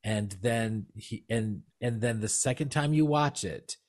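A man's voice: mid-range voice, a little slow. A man co-hosting a casual film-review chat, rambling and laughing often, with apologetic asides. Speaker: podcast co-host.

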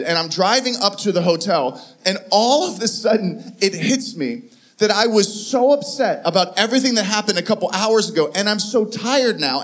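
A middle-aged man gives a sermon as an animated story, his voice sitting fairly high for a man. He plays both sides of a conversation and stumbles through many restarts.

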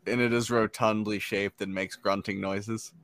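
A man's voice: fairly low pitch, flat delivery, unhurried, creaky, a bit bright, dry recording. Playful man in a dry close recording. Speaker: player. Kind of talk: tabletop role-play chat.

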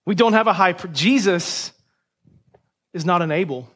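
A man's voice: sits high, animated, normal speed, a bit bright. A man preaching a sermon as pastor, emphatic and punchy, with rhetorical questions to the congregation.

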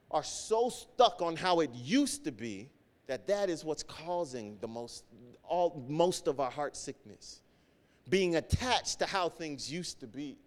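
A man preaching a sermon, earnest, repeating key phrases for emphasis and swinging between loud and soft. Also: a little high, big-room sound. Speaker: pastor.

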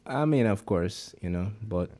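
Jamaican male co-host, mellow and low, loose patois chat full of fillers. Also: lively intonation, a little slow. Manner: rambling Jamaican patois speech, many fillers. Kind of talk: casual chat.

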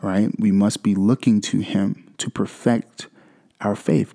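Man, young adult, low mellow voice, podcast host, casual devotional talk, conversational asides. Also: a little slow, gravelly. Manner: conversational, with frequent fillers and "right?" asides.

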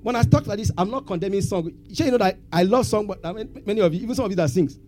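Soft music plays behind a pastor who preaches in a high, slightly mellow voice at rapid-fire speed. He draws the congregation into call-and-response, asking questions for them to answer.

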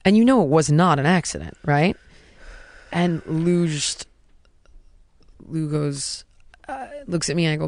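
Low-pitched woman in her 30s, chatty storytelling, lots of rhetorical questions, dry close sound. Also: normal speed, no room sound. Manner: animated, emphatic, strings rhetorical questions, drops to a hush for quotes. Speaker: podcast guest telling a personal story. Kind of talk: casual conversational storytelling.

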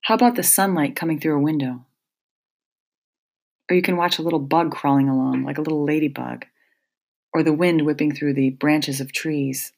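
Low-voiced woman hosting a reflective talk. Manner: conversational, speaks directly to listeners as folks. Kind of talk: reflective self-help monologue.

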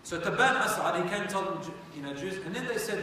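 A man's voice: high-pitched, animated, quick pace, bright, forceful tone. A man teaching religious history as a conversational storytelling lecture, often asking his listeners rhetorical questions. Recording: echoey hall from far off, faint noise.

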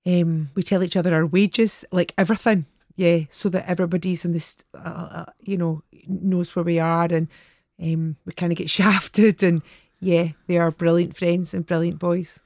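A Scottish woman around fifty, a guest telling lively stories in casual chat and laughing often. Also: fairly low pitch, moderate pace, no echo, clean studio sound.

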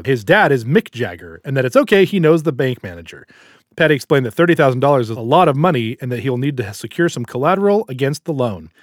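A man's voice: mid-range voice, no echo. Guy telling a long joke on a podcast, dry sound, casual. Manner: storytelling, animated delivery. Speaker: podcast host.

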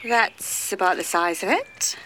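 A woman's voice: medium pitch, big pitch swings, measured pace, a bit bright, a little hiss or hum. Hesitant apologetic young woman. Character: guilty young woman explaining herself.

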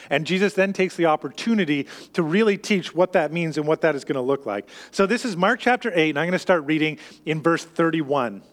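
A man's voice: fairly high pitch, animated, a little fast, hardly any pauses, in a large hall. A man preaching a sermon, explaining scripture in a conversational teaching manner with frequent restarts. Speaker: pastor.

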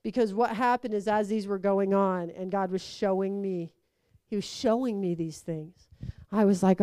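A woman giving a conversational sermon, telling stories with lively acted-out quotes. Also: medium pitch, normal speed, clean tone, no echo. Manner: animated storytelling, acts out quotes. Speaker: preacher.

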